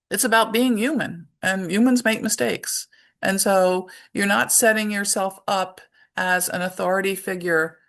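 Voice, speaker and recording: Middle-aged lady giving a parenting talk, low gravelly voice, chatty, lots of ums. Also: fairly bright tone. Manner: conversational, with many fillers and acted-out examples. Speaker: parenting workshop presenter. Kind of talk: informal presentation talk.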